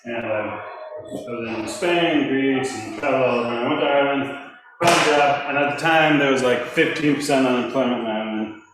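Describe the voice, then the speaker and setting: A man spins a casual anecdote with lively energy, laughing along as he goes. He sits well back from the mic in a very echoey room. A steady hiss of noise runs underneath. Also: mid-range voice, a little fast, distant mic. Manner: animated anecdote-teller, often laughing. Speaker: theater company member. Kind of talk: casual storytelling chat.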